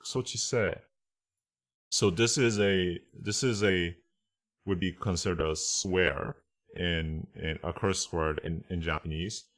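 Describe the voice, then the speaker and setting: A deep-voiced man teaching translation in a relaxed online class. He walks through each point slowly and keeps asking "right?" and "okay?" to check that his listeners follow. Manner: reads Japanese phrases aloud. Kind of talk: casual online lesson.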